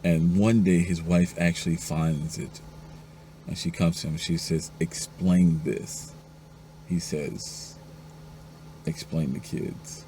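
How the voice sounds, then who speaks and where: A man's voice: fairly even intonation, slow, warm tone, a little hiss or hum. A man telling a string of husband-and-wife jokes one after another and acting out each character's lines. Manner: acts out the jokes' characters, going up to a high pitch for the wives. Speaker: joke teller.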